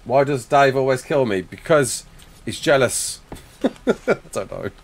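A man's voice: medium pitch, expressive, a little slow. A young English man streaming a game live, chatting casually and reading viewer comments aloud as he answers them. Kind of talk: casual live-stream chat while gaming. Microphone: desk mic with face cam.

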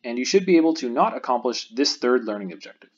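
Husky man giving a recorded math lecture. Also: mid-range voice, big pitch swings, lo-fi sound. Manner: patient explanatory lecturing, pauses for the viewer to think.

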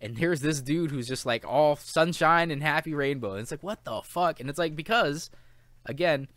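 A man co-hosting a casual film review chat, animated and swearing often as he acts out lines from the film. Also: a little high, moderate pace, dry recording. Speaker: podcast co-host.

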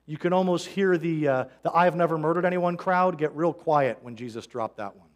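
Brief Male pastor, fairly high voice, earnest, conversational sermon delivery. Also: expressive, normal speed. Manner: earnest, conversational preaching with quoted scripture. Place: church sanctuary.

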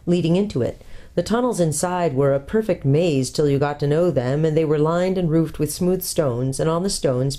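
A woman pastor reading a children's book aloud in a calm, steady storytelling manner. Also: low-pitched.

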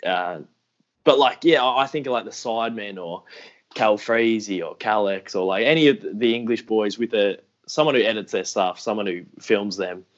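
A young Australian man, an AFL YouTuber appearing as a podcast guest, tells stories in a casual interview at a moderate pace with a voice on the low side. He rambles, puts himself down, and acts out what people said, in dull-sounding audio.

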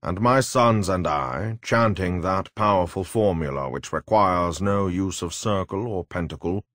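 A man reading aloud and voicing a sinister older male necromancer who speaks slowly and gravely in a storybook tale. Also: low voice, fairly bright tone, no room sound, studio quality.

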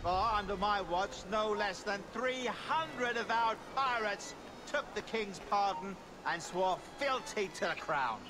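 An actor playing a bitter, drunken colonial governor, scornful and sarcastic in a video game. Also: male voice, sits high, measured pace, few pauses, music in the background. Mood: mocking. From England. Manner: sarcastic, toasting loudly with scorn. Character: bitter drunken sacked colonial governor, middle-aged man.

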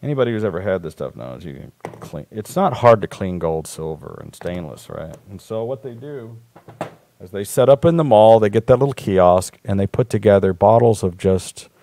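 A man with a lowish, warm voice, recorded dry, hosts a live talk show. In his casual live-stream monologue he tells rambling stories bluntly, with plenty of profanity.

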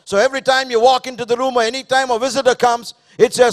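A man's voice: very high voice, flat delivery, fast talker. A man delivers a Sunday sermon. He preaches emphatically and circles back to the same phrases. He keeps testing the congregation with direct questions. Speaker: pastor. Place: church service.

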